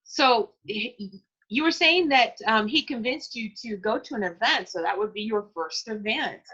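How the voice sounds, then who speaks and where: Animated and forceful, this podcast interviewer keeps a moderate pace, her slightly high voice bright and husky. She's warm and talkative with her guest, quick to laugh and encourage, though the recording sounds dull and lo-fi.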